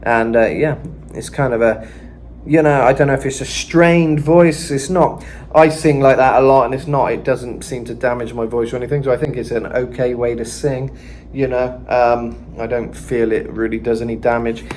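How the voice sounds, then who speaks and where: A man's voice: mid-range voice, fairly even intonation, moderate pace, darkish tone, a little hiss or hum. A man giving a casual vocal lesson, talking loosely with lots of "kinda" and "you know.". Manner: breaks into screamed metal demos. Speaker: vocal coach.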